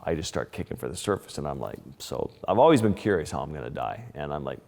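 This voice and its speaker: Canadian man, low voice, relaxed interview storyteller who trips over his own sentences, long room reverb. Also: fast, vocal fry. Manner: vivid, restless retelling with many restarts and fillers. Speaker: wildlife photographer, interview guest.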